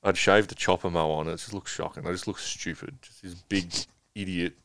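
A man's voice: sits low, steady tone, brisk, fairly bright tone, a little hiss or hum. A young man casually telling a long rambling story as a guest, swearing freely.

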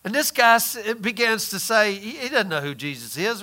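A man preaching a sermon who asks the listeners questions and answers them himself, drawling some phrases slowly for emphasis. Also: sits high, very animated, bright, forceful tone.

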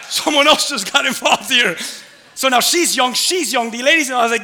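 A male pastor preaching a sermon and telling a personal story in an animated way that builds to loud exclamations. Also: very high-pitched, very fast, big-room sound.

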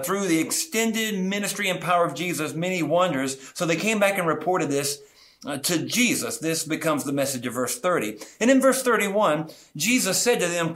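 A middle-aged man, a pastor, preaching a sermon in an earnest way, stretching key words slowly for emphasis. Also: a little high, fairly bright tone.

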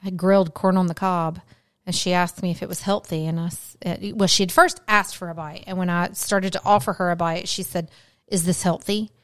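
A woman's voice: lowish voice, fairly even intonation, brisk, no echo, clean studio sound. A middle-aged woman, chatting casually as a podcast co-host and telling family stories. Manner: storytelling, chatty, drops to near-whisper asides. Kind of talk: casual chat.

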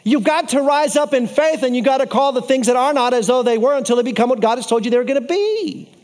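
A man preaching a sermon, telling the story in a lively way with playful asides to his congregation and repeating key phrases for emphasis. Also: very high voice, quick pace.

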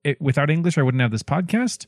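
A male podcast co-host with a playful, lively voice that rises and falls a lot. He steers the chat with questions. The sound is dry and close, with no room in it. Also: on the high side, fast talker, no room sound. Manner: playful, animated, leads the questions.

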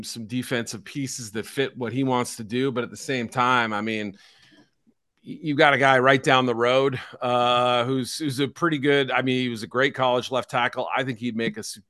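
A man's voice: mid-range voice, fairly bright tone, smooth, dry recording, clean studio sound. A middle-aged man co-hosting a casual football draft talk, chatty and hedging, with a self-deprecating streak. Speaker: football draft analyst co-host.

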